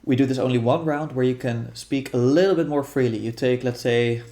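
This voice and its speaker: A man calmly explaining how a guided meditation practice will go, thinking aloud with frequent restarts. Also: medium pitch. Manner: thoughtful, halting, many restarts and fillers. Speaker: guest guiding a meditation practice. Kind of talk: explaining a practice in casual conversation.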